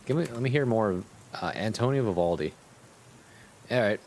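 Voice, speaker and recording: A man's voice: lowish voice, expressive, normal speed, darkish tone, slight background noise. A male streamer in casual live-stream chat who swears freely and keeps up a crude, sardonic running commentary. His talk is loose and unscripted, aimed straight at his viewers.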